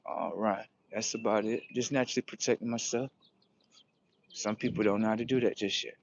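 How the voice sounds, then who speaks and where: A young man livestreaming outdoors near a street on his phone, rambling casually and profanely, with sudden loud excited bursts. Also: on the low side, a little fast, gravelly, highs cut off, a little hiss or hum. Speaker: livestream host.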